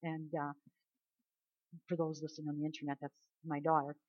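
A woman's voice: low-pitched, monotone, a little fast. Emphatic woman preaching, lo-fi. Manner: emphatic, swings from soft asides to loud commands. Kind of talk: sermon. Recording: dull lo-fi recording.

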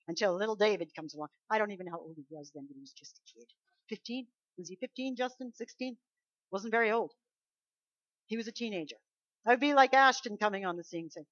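A woman preaching a sermon, emphatic, swinging between loud declarations and soft asides. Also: a little high, normal speed, dry recording. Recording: dull lo-fi dry recording.

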